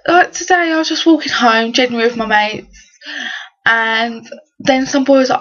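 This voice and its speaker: This teen vlogger from England rants through a story in slangy, fed-up fashion. She speaks at a moderate pace, slightly high and a bit bright, captured on dull lo-fi webcam sound.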